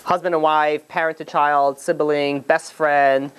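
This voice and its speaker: A man, a rabbi, giving a conversational lecture to a live group, animated and jokey, with many fillers and restarts. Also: fairly high pitch, unhurried, clear, resonant tone. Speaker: rabbi teaching a class.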